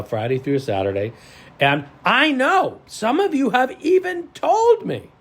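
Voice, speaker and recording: A man with a mid-range voice coaches on mindset and self-leadership in a motivational talk. His animated style features frequent sudden loud stresses.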